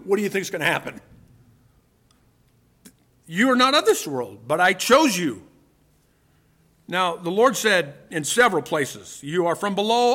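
Male preacher, emphatic sermon delivery, rhetorical questions, high bright tone. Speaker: pastor.

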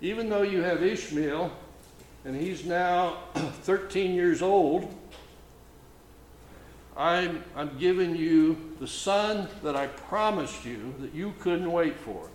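A man preaches his sermon at an unhurried, deliberate pace, pressing his points through repetition. His voice sits a little high for a man. The sound is roomy and echoey, with a faint ambience underneath. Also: a little hiss or hum. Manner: slow, emphatic preaching with repeated phrases. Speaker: pastor.

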